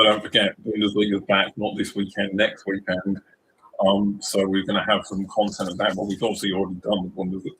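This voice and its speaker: A young man talks through a sports livestream in a loose, rambling way, piling up likes and ums as he hunts for examples. His voice sits low. A faint hiss of noise runs under the recording. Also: fairly bright tone, poor audio. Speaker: livestream co-host. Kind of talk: casual sports chat.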